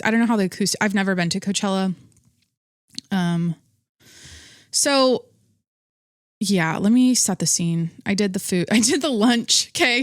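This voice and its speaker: A woman's voice: medium pitch, no echo, clean studio sound. A young woman hosting her own podcast, chatting casually on her own, rambling and breaking off her sentences, often laughing between thoughts. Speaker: podcast host. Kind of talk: casual solo podcast chat.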